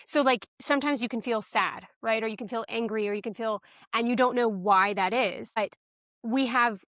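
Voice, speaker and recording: A woman with a slightly high voice hosts an interview podcast, thinking aloud and reflecting, often adding "like" and "right". The recording is dry and close to the mic. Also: moderate pace, a bit bright, dry recording. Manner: thoughtful, reflective, many filler likes and rights. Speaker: podcast host.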